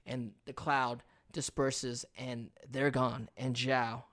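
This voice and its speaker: A man's voice: mid-range voice, level tone, slow pace, a bit bright. A man co-hosting a casual podcast, retelling a cartoon episode with laid-back storytelling and playful sound effects. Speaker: podcast co-host. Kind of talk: casual TV recap chat.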